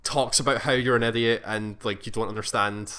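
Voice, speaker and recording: A man's voice: mid-range voice, steady tone, fairly quick, pushed and bright, smooth. A man co-hosting a casual podcast chat, rambling through a long story recap with frequent restarts and acted-out quotes. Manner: rambling, self-correcting, acts out quoted lines. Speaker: podcast co-host.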